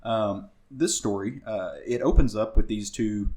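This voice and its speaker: This Southern-accented man co-hosts a podcast and talks through a comic book loosely, full of fillers and false starts. He speaks at a measured pace in a mellow, lowish register.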